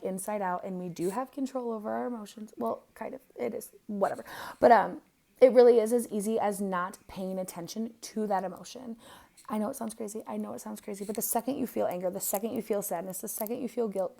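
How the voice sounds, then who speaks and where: A woman's voice: mid-range voice, vocal fry, a little mellow. A young woman giving a casual birth chart reading, blunt and profane, with lots of fillers. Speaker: astrologer.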